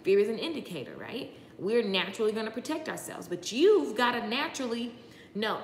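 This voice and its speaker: A woman's voice: mid-range voice, sing-song, moderate pace. A woman talking casually as a motivational speaker on a live stream, chatty and rambling, greeting viewers by name. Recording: echoey room with long reverb, faint background noise.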